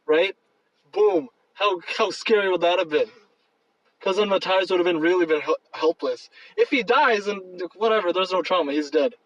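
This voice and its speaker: A man's voice: high voice, moderate pace. Playful man chatting about a movie, dull distant sound. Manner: playful, jokes and tries silly accents. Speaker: podcast co-host. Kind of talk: casual movie discussion. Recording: muffled, dull, distant from mic.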